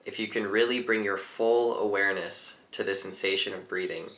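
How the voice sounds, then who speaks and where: A man leads a guided breathing meditation, speaking calmly and without hurry. His voice sits low but sounds bright and clear. The room around him gives a noticeable echo. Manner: calm, unhurried, gently instructive. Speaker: meditation teacher.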